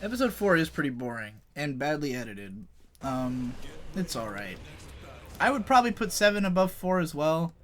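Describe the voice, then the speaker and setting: Young male gamer host, loose and profane, rambling, animated pitch. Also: moderate pace, slight background noise. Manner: rambling, profane, laughs often. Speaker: co-host playing a fighting game. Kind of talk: casual chat over gameplay.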